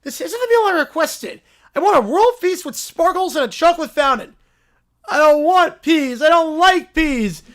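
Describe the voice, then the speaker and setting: Spoiled little princess, put on by a reader; high, shrill, demanding, with tantrum shouts. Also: lively intonation, moderate pace. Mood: shouting.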